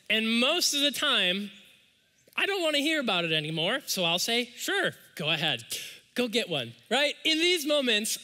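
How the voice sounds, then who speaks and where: A man who is a pastor, preaching a sermon in a church and telling stories in a conversational way, slowing down for emphasis. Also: high voice, bright, forceful tone. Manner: conversational storytelling preaching with dramatic slowdowns. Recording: long reverb of a large hall.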